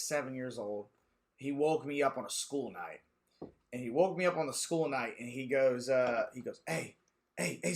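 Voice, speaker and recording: A young man co-hosting a casual podcast chat, telling stories and acting out quotes with lots of energy. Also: mid-range voice. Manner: animated storyteller, acts out quotes. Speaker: podcast co-host.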